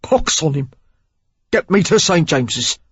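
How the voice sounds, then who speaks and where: A woman reading an audiobook, voicing a gruff, wounded young man with a Cockney accent who talks roughly and harshly. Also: low voice, expressive, a little slow, dry recording, dull audio, full character voice.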